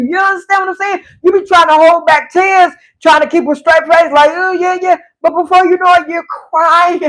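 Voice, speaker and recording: A woman's voice: sits high, rough recording. A woman speaking in a casual, emotional livestream testimony about her faith. Her voice is fervent and tearful. She keeps sliding into a preaching rhythm, addressing listeners directly. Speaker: livestream host sharing a personal faith testimony.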